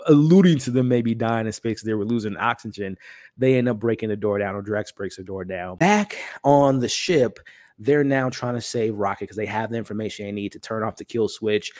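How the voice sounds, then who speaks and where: A young man talking casually through a movie in an animated, conversational way, now and then acting out characters' lines. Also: no echo, clean studio sound. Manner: animated, conversational, acts out quoted lines in higher voices. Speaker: movie reviewer. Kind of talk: casual spoiler review talk.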